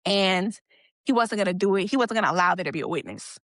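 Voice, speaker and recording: This young woman, a guest on a podcast, tells her own story expressively and at a quick pace, her mid-range voice fairly bright. She retells events with quoted dialogue and fillers in a conversational manner, and the clean studio sound has no room echo.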